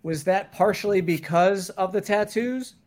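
A man's voice: high voice, a little slow, a little mellow. A man hosting a podcast, asking his guest questions in a casual, conversational way. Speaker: podcast host. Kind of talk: casual interview chat.

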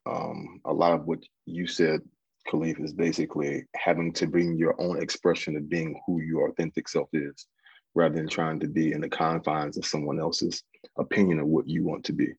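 A man speaking as a podcast guest in a measured, even-handed way. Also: very deep voice, creaky, breathy edge, no echo. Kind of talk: casual discussion. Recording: dry dull lo-fi sound.

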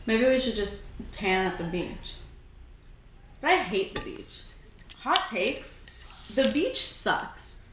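A woman's voice: a little high, very animated, slow pace, pauses often, fairly bright tone, a little hiss or hum. Chatty young woman in an echoey room. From California. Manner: chatty, laughing, storytelling. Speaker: podcast co-host. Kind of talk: casual chat.

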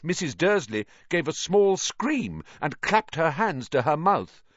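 A man reading a children's novel aloud as an audiobook narrator, with an expressive storytelling delivery. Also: fairly high pitch, measured pace, no echo, muffled recording. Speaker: audiobook reader.

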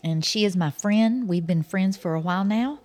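A woman's voice: medium pitch, normal speed, a little mellow. A woman hosting a podcast, asking her guest friendly, curious questions in a casual interview. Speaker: podcast host.

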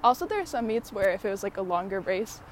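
With lively intonation and a quick pace, a woman at medium pitch hosts a podcast in loose, rambling chat, panting a little from walking uphill. She's full of fillers and laughs often, and there's slight background noise.

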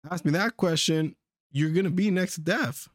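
A man telling a rowdy story in casual chat, acting out the voices loudly. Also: on the high side, moderate pace, no room sound, studio quality.

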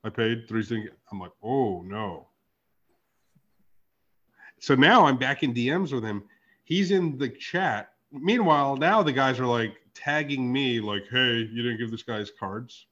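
A man in casual podcast chat spins a profane story, acting out each back-and-forth in different voices. His pitch sits in the middle. The audio is muffled and lo-fi. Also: a bit bright. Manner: profane, storytelling with reenacted dialogue. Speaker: podcast host.

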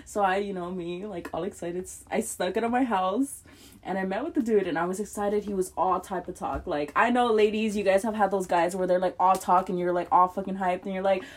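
A young woman with a medium-pitched voice co-hosts a podcast, telling a story briskly in casual chat. She swears freely and laughs often.

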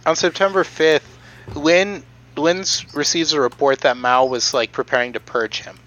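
A man's voice: fairly high pitch, fairly even intonation, normal speed, fairly bright tone, highs cut off. A young man on a casual podcast, recounting history with many fillers and restarts. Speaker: podcast co-host presenting the history.

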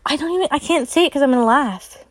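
A woman's voice: high voice, quick pace, slight background noise. A woman co-hosting a casual podcast, laughing helplessly through her story. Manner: laughs helplessly, giggly and breathless. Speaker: podcast co-host. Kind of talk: casual chat.

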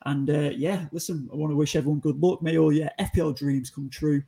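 Brief: podcast host, man, flat and mellow, raspy edge. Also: fairly high pitch, a little fast. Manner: wrapping up the show, hesitant fillers. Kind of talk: casual podcast chat.

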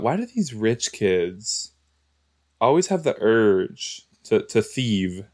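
A man's voice: on the low side, sing-song, slow. A man giving casual, exclamatory commentary while reacting to a show, talking back to the screen. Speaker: reaction video host.

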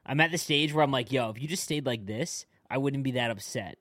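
A man's voice: mid-range voice, dry recording. Chatty young man, dry sound. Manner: excitable, chatty, quick reactions. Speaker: podcast host. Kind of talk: casual chat.

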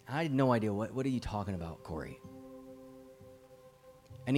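A man's voice: mid-range voice, fast talker, pauses often, a little mellow, soft background music. A middle-aged man preaching a fervent, urgent sermon as a guest preacher, his volume swelling and dropping as he presses his points.

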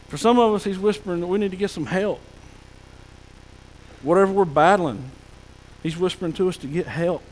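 A male pastor preaches in a high, folksy voice. He often drops to a soft hush. His words ring out with a long reverb through the church. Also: fairly quick. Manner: folksy preaching, drops to soft hushed tones for God's whispers. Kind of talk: sermon. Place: church sanctuary.

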